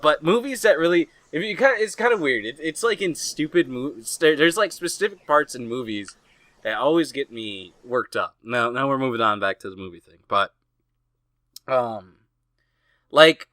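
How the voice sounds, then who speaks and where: A young man co-hosting a podcast in casual chat, rambling excitably and swearing a lot. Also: medium pitch, dry recording. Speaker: podcast co-host.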